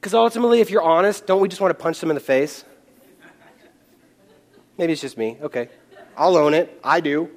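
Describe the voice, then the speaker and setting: Guy preaching a sermon on mic, fairly high voice, swings from loud pleading to quiet and slow. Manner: impassioned, shifts from loud pleading to hushed and slow. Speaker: pastor. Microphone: microphone.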